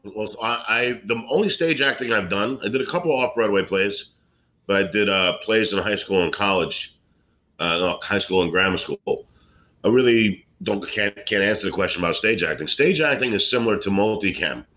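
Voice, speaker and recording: Low-voiced New comedian, muffled. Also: male voice, moderate pace. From Brooklyn, New York. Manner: rambling, joking, deadpan punchlines. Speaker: guest, comedian and actor. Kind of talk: casual storytelling interview. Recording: slightly muffled lo-fi recording.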